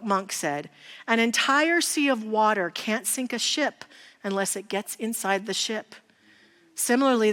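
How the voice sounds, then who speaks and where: A woman's voice: mid-range voice, fairly bright tone. A woman giving a sermon in an earnest, reflective storytelling manner. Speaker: speaker. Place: church sanctuary. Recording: long reverb of a hall.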